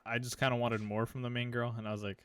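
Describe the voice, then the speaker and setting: A man's voice: medium pitch, flat delivery, racing, a bit bright, no room sound. A man co-hosting a casual podcast chat, talking in a hesitant way full of false starts. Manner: hesitant, full of fillers and restarts. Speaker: podcast co-host.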